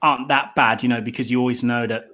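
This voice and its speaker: A man's voice: medium pitch, fairly even intonation, fast talker, pushed and bright. A man from near Coventry with a mild English Midlands accent, chatting casually as a podcast guest over a call, rambling with lots of restarts. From England, near Coventry. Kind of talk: casual chat.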